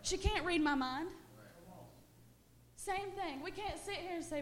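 A young woman delivers a sermon in a high, bright register. She preaches with passion, stacking short repeated phrases as she rises toward shouting. Her delivery is earnest and urgent. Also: unhurried. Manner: impassioned, builds to shouted repetition.

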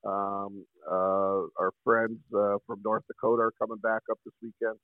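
A middle-aged man, a hockey coach, chatting casually as a guest and pausing often with fillers. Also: on the low side, level tone, no room sound. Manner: halting, many fillers. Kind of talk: casual chat. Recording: tinny phone line.

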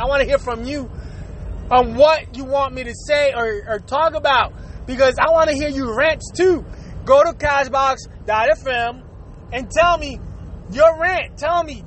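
A man from the United States hosting a podcast, delivering a profane, animated comedic rant and laughing often. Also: extremely high pitch, a little hiss or hum, low-quality recording. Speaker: podcast host.

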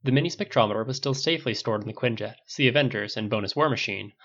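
A man's voice: medium pitch, fast, fairly bright tone. A man steadily narrating a fan fiction audiobook. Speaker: audiobook reader. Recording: dull lo-fi recording.

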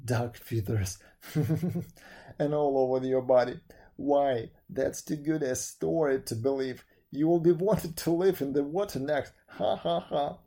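A man voicing a calm, kindly man who forgives easily and laughs heartily, in a storybook reading. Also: mid-range voice, unhurried, breathy edge. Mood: amused.

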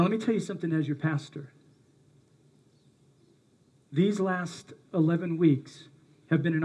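A man's voice: a little high, mellow, husky. A male pastor preaching a sermon, earnest and emphatic, speaking directly to his congregation.

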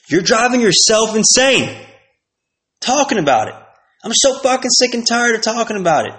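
A man's voice: a little high, big pitch swings, fairly quick, fairly bright tone. A man talking in a casual, profane monologue, rambling through rants and stories and acting out other people's voices. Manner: profane, rambling storytelling rant.

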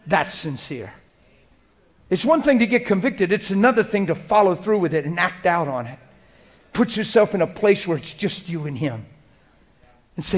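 A man preaching a sermon as pastor, swinging between loud exhortation and hushed, conversational prayer. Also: sits high, lively intonation, moderate pace, pauses often.

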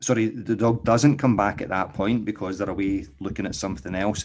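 A man's voice: lowish voice, steady tone, brisk, few pauses, darkish tone. A man hosting a podcast as a dog trainer, explaining casually and tagging nearly every point with "okay?", with frequent restarts.

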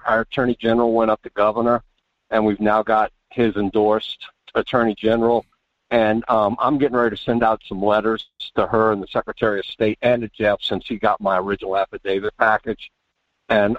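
A man's voice: fairly low pitch, dry recording. A male caller phoning into a radio show, chatty and aggrieved. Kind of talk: phone-in call. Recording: muffled phone line.

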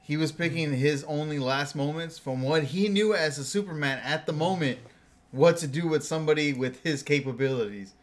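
A man's voice: fairly high pitch, normal speed. A man co-hosting a podcast, insistent and profane in a casual heated debate, repeating his points. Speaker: podcast co-host.

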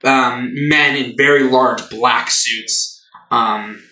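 A man's voice: medium pitch, steady tone, slow, pushed and bright. A man running a tabletop game as game master, narrating loosely with many fillers. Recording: roomy, from a distant mic.

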